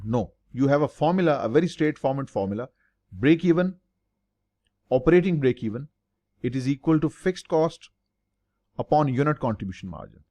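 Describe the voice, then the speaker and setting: A man's voice: fairly high pitch, a little mellow. A man lecturing as a finance tutor, stressing and repeating key terms and answering his own questions. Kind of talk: lecture explaining break-even analysis.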